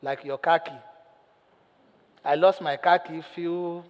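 High-voiced pastor preaching in a reverberant hall. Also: male voice, takes it slowly. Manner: animated storytelling, asks the congregation questions. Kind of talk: sermon.

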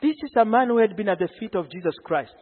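A man preaching a sermon, telling the story with animated energy and acting out the quoted lines. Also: high-pitched, fast talker, slightly rough. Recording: phone-like sound in a long-reverb hall.

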